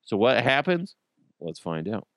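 Animated, crude-talking male host. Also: mid-range voice, unhurried, vocal fry, heavy background noise. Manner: animated, crude, mocking, laughs often. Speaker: podcast host. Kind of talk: casual comedic commentary.

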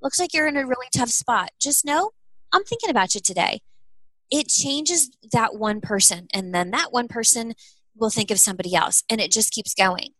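Earnest animated woman, dry sound. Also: on the high side, moderate pace, dry recording. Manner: earnest and animated, acts out quoted dialogue. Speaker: guest, small clothing business owner. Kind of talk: conversational interview answers.

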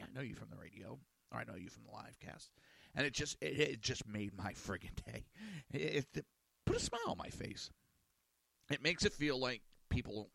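A man's voice: mid-range voice, vocal fry, a bit bright, no echo. A man hosting a small radio and online show, talking in a casual rambling monologue, often repeating words and cursing casually.

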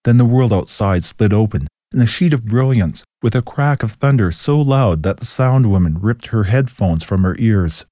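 Male narrator, ghost story, low voice, mellow tone, dry close sound. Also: expressive, normal speed, hardly any pauses, dry recording.

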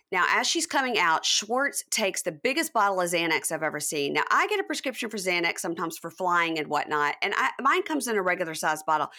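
A woman podcast host in casual chat, animatedly recapping a reality show and acting out the cast's lines. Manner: animated, acts out cast quotes in high voices.

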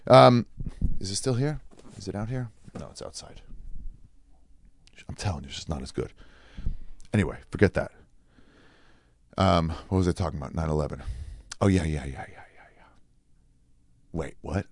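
A man's voice: low voice, lively intonation, normal speed, long pauses, husky. A man in his forties, a comedian delivering a rambling, profane, sarcastic monologue.

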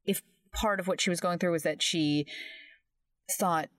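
Low-voiced woman asking careful questions. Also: fairly even intonation, moderate pace, no echo. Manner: thoughtful, asks long winding questions. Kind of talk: casual interview chat.

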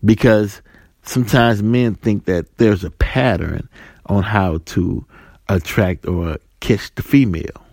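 Gravelly man telling it straight. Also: fairly low pitch, slow pace, darkish tone, no echo. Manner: storytelling, playing out dialogue in different voices; fillers and repeated words, rhetorical "right?". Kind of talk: casual monologue with acted-out scenes.

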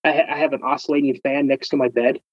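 A man's voice: medium pitch, fast talker, husky. A young man telling a personal ghost story in a casual way, acting out his friends' voices. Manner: animated, acts out quoted friends. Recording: dull lo-fi recording.

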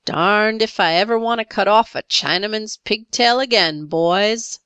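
A woman voicing a rough grown-up tunnel miner in a storybook reading, speaking in a hearty, gruff way. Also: medium pitch, unhurried, a bit bright, no echo, muffled recording, close to an everyday voice. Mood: wry.

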